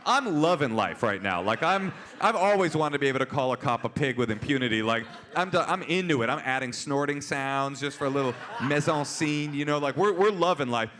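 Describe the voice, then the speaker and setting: A man in his forties, a comedian and author, telling stories on stage with an animated, punchy delivery. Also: a little high, fairly quick, few pauses. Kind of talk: live on-stage storytelling. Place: auditorium stage before an audience.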